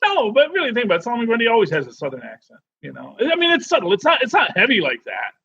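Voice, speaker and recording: A man co-hosting a podcast in casual chat, rambling and animated with many restarts. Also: very high voice, very fast, gravelly, slightly rough, dry recording, highs cut off. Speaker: podcast co-host.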